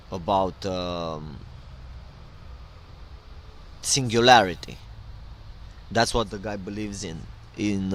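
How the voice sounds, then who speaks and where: A man's voice: lowish voice, a little hiss or hum. A middle-aged man hosting his own podcast in a loose, rambling solo monologue full of fillers and digressions. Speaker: podcast host.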